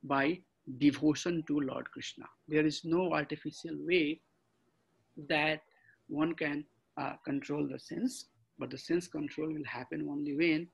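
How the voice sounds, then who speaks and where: A man giving an online scripture class, halting, with many fillers and restarts. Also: on the high side, steady tone, gravelly, husky, dull audio. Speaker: scripture study teacher. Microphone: computer mic on a video call.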